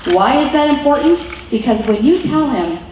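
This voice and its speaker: A woman with a slightly high voice gives an earnest, chatty teaching talk, now and then acting out a line of dialogue. She is heard from a distance in a strongly echoing meeting room with a faint hum of ambience. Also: expressive, normal speed. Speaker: speaker teaching wives. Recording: very echoey room from far off.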